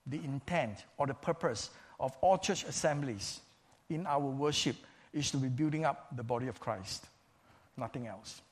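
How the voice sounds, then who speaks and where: A man delivers a sermon in a measured, emphatic way. He leans on repetition, saying key phrases twice for weight. His voice sits a little higher than most men's. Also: husky. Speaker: preacher.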